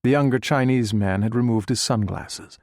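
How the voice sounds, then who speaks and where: A man with a medium-pitched voice narrates an audiobook from a script, telling the story in a measured, even way. The studio sound is clean and dry.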